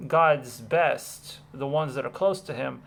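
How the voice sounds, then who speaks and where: A man's voice: medium pitch, slow, creaky, fairly bright tone. A man reading a Bible passage and then talking about it in a loose, casual way, full of fillers and restarts. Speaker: Bible commentator.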